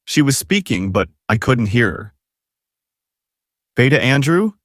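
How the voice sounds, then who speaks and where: A man narrates a first-person romance audiobook. His voice is low yet lively, with wide swings in pitch and a dramatic, emotive delivery. The recording is dry and close, with no room echo. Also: moderate pace.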